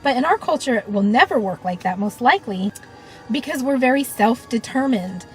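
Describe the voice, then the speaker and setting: A woman talks in a reflective, unscripted monologue. Her voice sits a little high. She is earnest and thoughtful, filling pauses with "you know" and "um", while soft music plays faintly behind her. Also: animated, low-quality recording. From United States. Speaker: shamanic practitioner and teacher.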